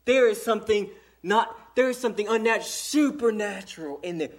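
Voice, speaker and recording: A man with a Southern American accent preaching a sermon in church, with emphatic pauses. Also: high voice. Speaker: pastor. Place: church during an evening service.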